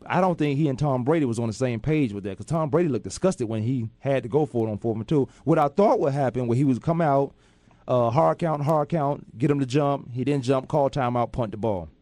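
A man's voice: mid-range voice, brisk, mellow, no echo. Guy hosting sports radio, bragging and joking, dry studio sound. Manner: boastful, playful, talks over his co-host. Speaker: sports talk radio host. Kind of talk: casual sports radio banter.

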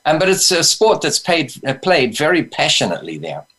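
A man, chatting casually as an interview guest in a relaxed, wry way, with frequent ums and restarts. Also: fairly high pitch, a little fast, breathy edge. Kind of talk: casual conversation.

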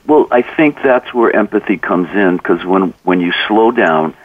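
Low-voiced man telling stories on radio. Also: expressive, unhurried, no echo, distant mic, phone-quality sound. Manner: earnest, acts out dialogue in anecdotes. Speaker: author and coach, interview guest. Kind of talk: conversational interview, storytelling.

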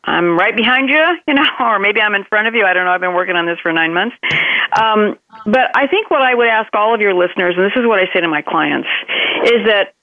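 An earnest woman speaking as a guest consultant, her voice with a gravelly edge. She talks reflectively and leans on repeated phrases to drive her point home. The sound is a dry, tinny phone line. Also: medium pitch, animated, brisk, dry recording. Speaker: guest consultant on crisis management. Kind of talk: podcast interview over phone.

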